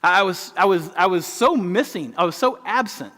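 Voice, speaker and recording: A middle-aged pastor with a high voice for a man preaches an animated sermon at a moderate pace, his words echoing with long reverb through a large church hall. His storytelling swings between lively rises and quiet drops.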